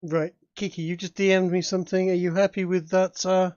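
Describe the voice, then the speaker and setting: A man's voice: sits high, flat delivery, fairly quick, darkish tone, smooth, no room sound, highs cut off. Rambling man running a tabletop game. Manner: rambling, with many restarts and fillers. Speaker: dungeon master. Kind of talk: casual game narration.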